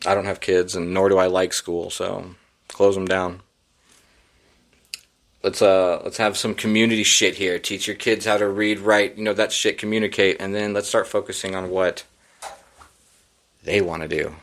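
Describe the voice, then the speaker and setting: A man's voice: deep voice, flat delivery, normal speed, pauses often, fairly bright tone. A man hosting a solo podcast, reading headlines and riffing on them in a sarcastic, profane, rambling way. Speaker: podcast host.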